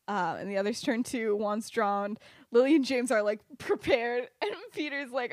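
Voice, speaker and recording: A woman's voice: fairly high pitch, a little slow, no echo, studio quality. A young woman casually retelling a fan-fiction story on a podcast, chatty, with lots of "like" and "um" and laughter. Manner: chatty, many "like" and "um", laughs at her own story.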